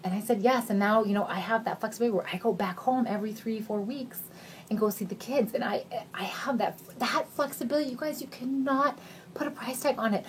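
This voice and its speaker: A woman in her thirties giving an emotional recruitment pitch, earnest and gushing, near tears at times, swinging between excited highs and hushed near-whispers. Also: quick pace, slight background noise. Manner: earnest and gushing, says "you guys" a lot, voice rising and dropping to near whispers. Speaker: sales recruiter.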